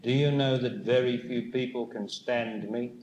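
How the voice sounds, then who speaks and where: A man giving a spiritual talk to a live audience, speaking slowly and deliberately and putting questions to the listeners. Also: mid-range voice, fairly even intonation, a little mellow. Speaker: spiritual teacher. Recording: echoey room with faint noise.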